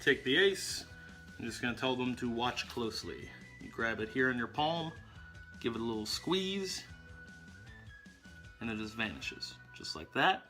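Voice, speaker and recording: A man's voice: medium pitch, lively intonation, measured pace, pauses often, bright, forceful tone, soft background music. A man hosting a magic tutorial, explaining each trick step by step in an upbeat way. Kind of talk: instructional demonstration.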